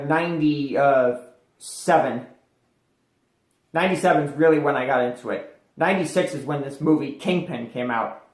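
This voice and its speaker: A man's voice: medium pitch, roomy sound. A man telling a personal story as an interview guest, rambling with many fillers and restarts.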